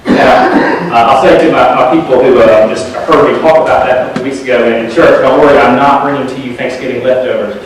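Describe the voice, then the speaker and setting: A man preaching a sermon at a community service, telling jokes as an animated storyteller. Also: medium pitch, fairly quick, hardly any pauses. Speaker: pastor. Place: large hall at a community service. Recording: echoey hall, distant mic.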